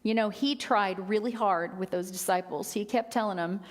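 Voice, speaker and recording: A middle-aged woman minister giving a sermon, expressive, rising for quotes and dropping to a near whisper. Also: mid-range voice, moderate pace, hardly any pauses. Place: church sanctuary. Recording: long hall reverb.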